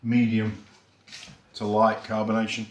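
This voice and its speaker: A man's voice: lowish voice, completely flat delivery, unhurried. A man with a Yorkshire accent giving a chatty, rambling, self-deprecating beer review on his vlog, with plenty of fillers. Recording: echoey room.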